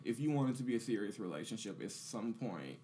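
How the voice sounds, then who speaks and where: A man's voice: fairly low pitch, lively intonation, fast talker, dark tone. A man hosting a casual roundtable podcast, joking with friends and reading out game questions. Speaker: podcast host. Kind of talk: casual group chat.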